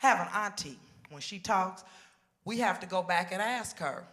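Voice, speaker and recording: A woman doing a stand-up comedy routine on a talk show stage, telling stories in animated style and acting out the people she quotes. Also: fairly low pitch, moderate pace, reverberant. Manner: animated storytelling with exaggerated quoted voices.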